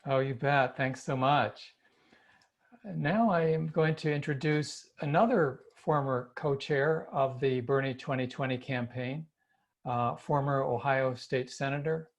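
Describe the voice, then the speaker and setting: Gravelly-voiced man introducing speakers. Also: mid-range voice, measured pace. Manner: plain, hesitant, frequent uh fillers. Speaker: call host. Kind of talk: introducing speakers on a video call.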